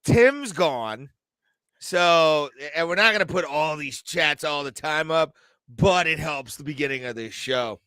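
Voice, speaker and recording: Man, podcast co-host, casual joking chat, bright forceful tone, crisp clean voice. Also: fairly high pitch, animated, unhurried, no echo. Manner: joking, laughing, reads viewer chat aloud.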